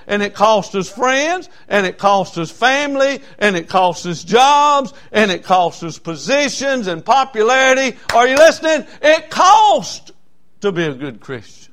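A man's voice: high-pitched, fairly bright tone. A man pastor, preaching a sermon in church, emphatic and repetitive with frequent fillers.

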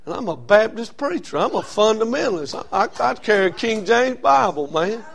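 A man preaching a sermon as a Baptist pastor, telling a story that swings from quiet and low to loud and raised. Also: sing-song, moderate pace, vocal fry.

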